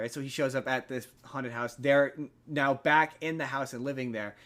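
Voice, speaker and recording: A man's voice: medium pitch, steady tone, moderate pace, few pauses, fairly bright tone. A man hosting a podcast, casually retelling a film plot in a rambling way full of fillers. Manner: rambling storyteller, filler-heavy. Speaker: podcast host. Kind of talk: casual chat.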